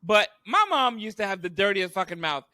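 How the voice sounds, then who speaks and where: A man's voice: sits high, lively intonation, fairly quick, sharp tone, no echo, clean studio sound. A young man co-hosting a podcast, swearing freely and joking, often slipping into impressions of the people he talks about. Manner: profane, joking, mimics others mid-story. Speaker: podcast co-host. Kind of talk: casual podcast chat.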